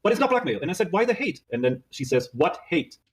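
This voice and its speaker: Fast-talking man reading out texts. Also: high-pitched, sing-song. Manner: rapid reading aloud, swearing, narrating "she says, I said". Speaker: guest reading out his text messages. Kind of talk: fast recounting of a dispute.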